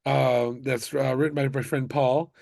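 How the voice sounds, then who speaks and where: A gravelly, husky man from Miami in the United States, a musician guest, tells animated stories in a casual interview chat, breaking into bursts of excitement. His voice is medium in pitch and unhurried, in a dry recording.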